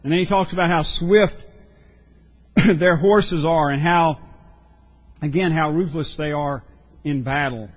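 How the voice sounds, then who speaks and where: A pastor preaching a sermon, earnest and emphatic, often repeating words for stress. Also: male voice, a little high, a little slow, pauses often, lo-fi sound.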